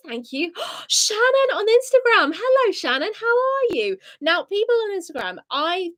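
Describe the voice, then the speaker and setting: Bubbly young gal on a live stream, high voice, gasps and chatters back to the comments. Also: female voice, moderate pace. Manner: bubbly, reads chat comments aloud, excitable gasps. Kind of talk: casual live stream chat.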